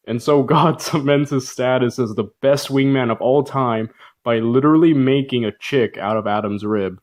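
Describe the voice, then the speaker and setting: A man's voice: mid-range voice, normal speed, darkish tone. A man narrating a Bible story in a jokey, casual style, full of slang and fillers. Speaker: video narrator.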